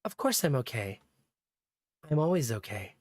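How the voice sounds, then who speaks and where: A man's voice: mid-range voice, very animated, normal speed, dry recording, studio quality. A man reading a breezy, unsettling woman.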